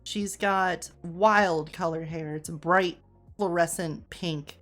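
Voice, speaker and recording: A woman's voice: fairly low pitch, steady tone, takes it slowly, a bit bright, faint music behind. A woman narrating a tabletop game as game master, describing the scene in detail.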